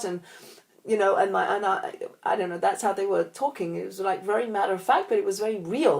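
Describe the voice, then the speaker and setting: A woman teaching a weekly Torah class in an easy conversational way. Her voice sits in a middle pitch, and she talks with animation, circling back and rephrasing as she goes. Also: fast, gravelly. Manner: animated, conversational, many restarts and "like".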